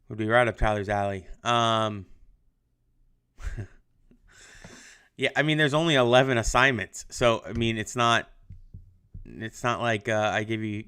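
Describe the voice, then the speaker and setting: A man's voice: on the low side, pushed and bright, smooth. A young adult male history teacher giving a casual livestreamed lesson, chatty with lots of ums, answering viewer comments. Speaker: high school history teacher.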